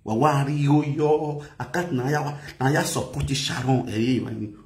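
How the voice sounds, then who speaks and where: On a casual livestream, a man chats in a playful sing-song way, mixing languages, chanting, singing and laughing often. His medium-pitched, slightly mellow voice is fairly even and moves at a normal pace, recorded in an echoey room with slight background noise.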